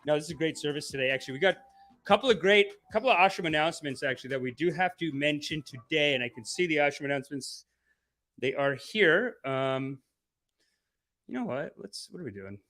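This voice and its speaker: A man's voice: fairly high pitch, a little fast, fairly bright tone. A man hosting a comedy livestream podcast, rambling in slangy casual chat and laughing often. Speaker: podcast host.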